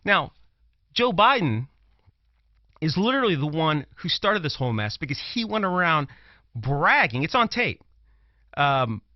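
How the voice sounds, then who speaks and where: A man's voice: fairly high pitch, very animated, measured pace, long pauses, no room sound. A man from Brooklyn, arguing his political commentary with emphasis and repeating phrases as he presses his point. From Brooklyn, New York. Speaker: commentator, former prosecutor. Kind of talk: political commentary talk show. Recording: dull lo-fi dry sound.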